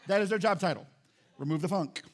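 A male pastor preaching an animated sermon in church, calling out to the congregation and acting out little scenes. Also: high voice, quick pace. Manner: animated, acts out quotes, calls out to congregation.

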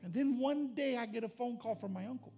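A man's voice: very high voice, brisk, vocal fry, warm tone, soft background music. A middle-aged man, a pastor, preaching a sermon with earnest storytelling that rises to impassioned intensity.

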